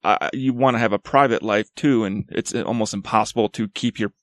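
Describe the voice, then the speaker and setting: A man co-hosts a casual podcast chat, blunt and animated, swearing freely. He talks quickly. The sound is dry and close. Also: fairly low pitch, no room sound. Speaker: podcast co-host.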